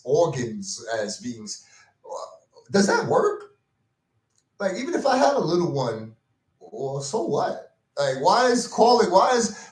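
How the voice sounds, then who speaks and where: A commentary vlogger with a higher-pitched voice rants casually in an echoey room. Venting his exasperation, he uses slang, repeats himself, and keeps saying "man" and "bro."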